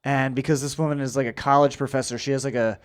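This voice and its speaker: A man's voice: mid-range voice, steady tone, fast talker, clear, resonant tone. A man hosting a podcast in casual banter, rambling and swearing with frequent restarts. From United States. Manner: profane, rambling with restarts and laughs. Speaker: podcast host.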